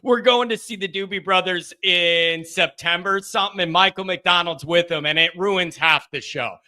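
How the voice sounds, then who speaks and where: A man hosting a live sports call-in show in casual chat, animated and laughing often. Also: sits high, normal speed.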